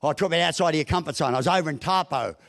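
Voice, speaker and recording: A middle-aged man with an Australian accent gives a humorous business talk, spinning folksy yarns with blunt mild swearing. His voice sits fairly high for a man. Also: racing, fairly bright tone. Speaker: business speaker. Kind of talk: humorous keynote speech.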